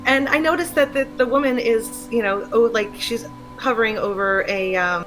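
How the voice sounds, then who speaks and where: A woman chatting casually on a stream, telling stories in a lively way and laughing often. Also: fairly high pitch, moderate pace, faint music behind, poor audio. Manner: animated storytelling, laughs often. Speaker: streamer co-host. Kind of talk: casual chat. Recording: faint background noise.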